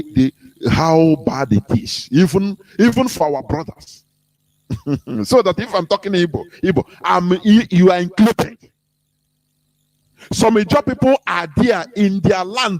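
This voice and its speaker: A Nigerian man hosts a radio talk and lectures his listeners. His pitch climbs and drops all over as he drives his points home, and he breaks into laughs between them. His voice sits a little high for a man. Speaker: radio host.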